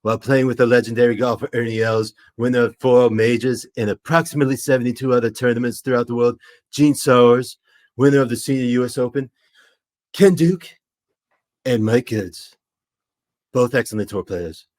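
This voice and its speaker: A man's voice: mid-range voice, moderate pace, darkish tone, natural voice. A man doing an impression of a boastful older male president bragging about a golf shot, pompous and self-congratulating.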